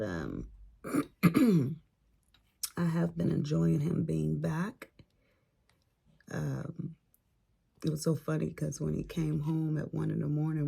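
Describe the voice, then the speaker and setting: A woman's voice: low voice, gravelly, warm tone, husky. An older woman from California chatting casually as she works on a craft, telling family stories in a loose, informal way. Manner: chatty storyteller, informal grammar. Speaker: crafting vlogger. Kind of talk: casual chat while crafting.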